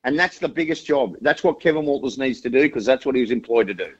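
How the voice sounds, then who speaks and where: An Australian man talks about rugby league with an assured, emphatic manner. His mid-pitched voice comes through a slightly dull, muffled line. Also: expressive, fast talker, slightly rough. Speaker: rugby league insider, guest. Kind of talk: casual radio chat.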